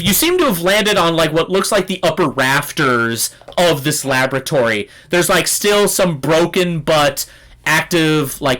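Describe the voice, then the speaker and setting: A man's voice: fairly high pitch, a bit bright, poor audio. A man running a tabletop game as game master, narrating in a loose way with many fillers.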